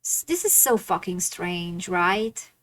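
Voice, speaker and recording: A woman's voice: on the low side, animated, takes it slowly, fairly bright tone, rough recording. A woman streaming a dating sim, reacting bluntly and swearing often in casual gaming commentary.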